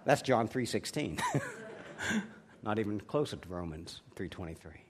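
A man's voice: on the low side, lively intonation, moderate pace, a little hiss or hum. A man preaching a sermon as pastor, emphatic and telling anecdotes with a chuckle. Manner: preachy, emphatic delivery with rising and falling volume.

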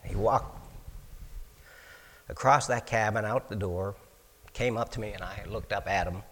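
A man with a fairly low voice shares his life testimony in a homespun, storytelling way. He restarts and repeats words as he goes and slips into the voices of the people he quotes. His words ring out with a long reverb, as in a large hall. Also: measured pace, fairly bright tone. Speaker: speaker giving his testimony.

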